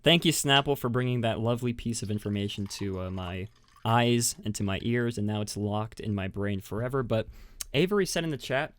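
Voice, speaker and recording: A podcast host with a fairly low, fairly quick voice keeps things casual and chatty, poking fun at himself and often giggling at his own jokes. He's recorded through a webcam microphone.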